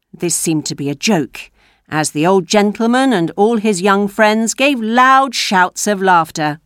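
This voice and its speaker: Female storybook narrator, unhurried and animated, dry studio sound. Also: medium pitch, smooth, no room sound. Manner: slow, expressive storytelling. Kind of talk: reading a graded story aloud.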